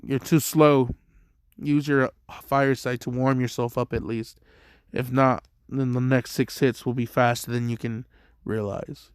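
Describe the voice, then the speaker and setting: A cocky, calm teenage boy fighter, as a man puts him on, teasing in an easy, self-assured way. The voice sits at an ordinary middle pitch, smooth and clear, and the sound is dry and close. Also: unhurried, no room sound, lightly acted.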